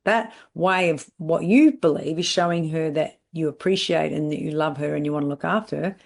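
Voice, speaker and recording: A middle-aged woman talks straight to salon owners in a podcast. Her voice sits on the lower side, and her delivery is blunt and emphatic, with repeated catchphrases. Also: fairly quick, vocal fry, few pauses. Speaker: salon business coach. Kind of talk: podcast monologue.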